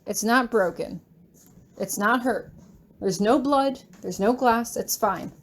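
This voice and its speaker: A woman reading a first-person fanfiction story aloud, with emotional, expressive delivery. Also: mid-range voice. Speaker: audiobook reader.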